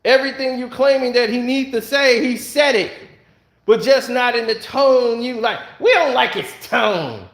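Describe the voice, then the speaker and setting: High-voiced man ranting angrily. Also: moderate pace, a bit bright. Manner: angry, blunt, rhetorical questions. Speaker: online commentator. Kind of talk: heated solo commentary rant. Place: at home.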